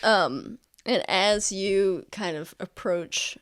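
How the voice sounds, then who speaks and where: A woman running a tabletop game as game master, casual and rambling and leaning on um and like. She talks at an ordinary pitch for a woman. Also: takes it slowly. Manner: rambling, many fillers, casual.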